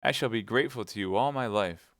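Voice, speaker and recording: A man's voice: on the low side, fairly quick, dry recording, clean studio sound, natural voice. A man playing a bashful, courteous nobleman.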